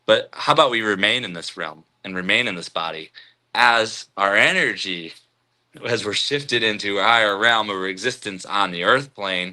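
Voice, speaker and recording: A man hosting a live stream, reading out chat comments and musing in a relaxed, spiritual way, chuckling often. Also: lowish voice, normal speed.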